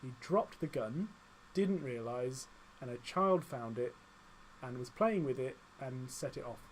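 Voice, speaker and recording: A man's voice: medium pitch, expressive, a little slow, a little hiss or hum, low-quality recording. A young British man co-hosting a casual radio show, joking and reading out news items in a studio.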